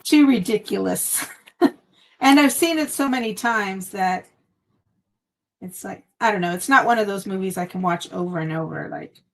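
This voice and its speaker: Chatty gravelly-voiced woman crafting live. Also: mid-range voice, moderate pace. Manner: chatty, meandering, trails off with fillers. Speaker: craft channel host. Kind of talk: casual live-stream chat while crafting. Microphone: phone.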